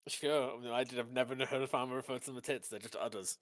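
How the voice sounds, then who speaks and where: A game master narrating a tabletop game, describing scenes in a relaxed, joking way. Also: mid-range voice, racing.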